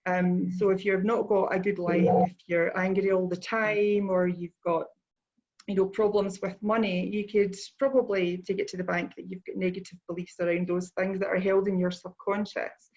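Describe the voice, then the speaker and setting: A woman with a Scottish accent explains her ideas as a guest, calm and measured, pausing on frequent ums. Her voice comes through a dull, lo-fi call line. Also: mid-range voice. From Scotland. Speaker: guest, energy healer. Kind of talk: conversational explanation.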